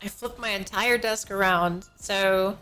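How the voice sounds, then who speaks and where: A woman's voice: medium pitch, steady tone, a little slow, a bit bright. A drowsy woman streams from her home desk and rambles through casual chat, yawning and a little out of it. She talks into a good desk microphone, with faint music drifting in from somewhere nearby. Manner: rambling, slightly out of it. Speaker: live streamer. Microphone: professional-grade desk microphone. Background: faint music from a neighbor.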